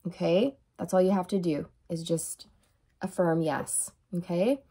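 A woman giving a channeled tarot reading, talking in a soft, emotional, reassuring way and often checking in with "okay?". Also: on the low side, measured pace, vocal fry, husky. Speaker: tarot reader.

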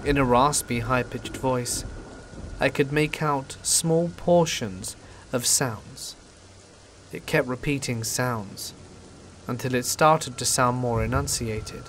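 A man calmly reading a horror story in scripted narration. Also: mid-range voice. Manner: calm, steady storytelling. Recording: faint rain noise behind voice. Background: rain and thunder ambience.

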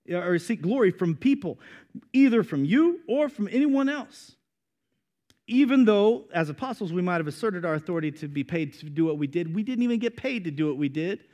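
A young man preaching a sermon with animated delivery, calling for amens and acting out quoted voices. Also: sits high. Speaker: pastor.

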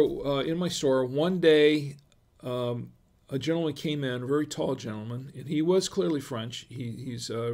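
A middle-aged man with a gravelly, fry-edged voice hosts a casual wine livestream. His pitch sits in an ordinary middle range. He rambles through stories with frequent fillers and false starts, pausing to read viewer comments aloud. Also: darkish tone. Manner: rambling, many restarts and fillers; reads viewer chat aloud. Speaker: livestream wine show host.

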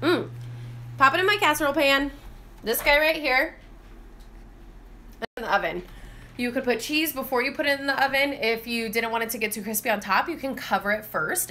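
A woman's voice: on the high side, sharp tone, slight background noise. Chatty woman cooking in her kitchen. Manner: chatty, instructive, with friendly asides. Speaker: cooking vlogger and teacher. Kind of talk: casual cooking demonstration. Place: home kitchen.

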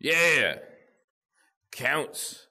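A young man giving profane, excitable commentary to himself while playing a game. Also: a little high, extremely slow, gravelly. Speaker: gamer channel host. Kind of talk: gameplay commentary.

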